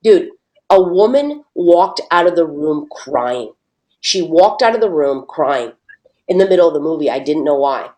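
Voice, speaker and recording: A young woman with a slightly low voice tells a story in a casual chat. She talks emphatically, swears freely and keeps dropping "dude" and "okay". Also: a little mellow. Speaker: host.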